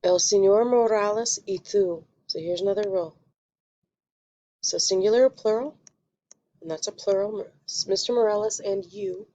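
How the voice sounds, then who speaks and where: A woman teaching a Spanish lesson, explaining step by step in a patient way and quickly correcting her own slips. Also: medium pitch, mellow, dull audio. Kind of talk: recorded classroom lesson.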